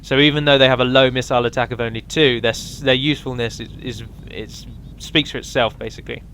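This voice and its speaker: A man's voice: mid-range voice, steady tone, fast talker, a bit bright, slight background noise. A man giving a casual, rambling walkthrough of a strategy game mod, with frequent ums and restarts.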